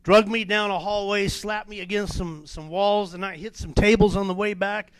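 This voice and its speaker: Guy with a highish voice telling his testimony, lots of uhs and restarts, dry sound. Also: normal speed, no room sound. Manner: animated storytelling with many fillers and restarts. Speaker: testimony speaker. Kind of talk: personal testimony at a church men's meeting.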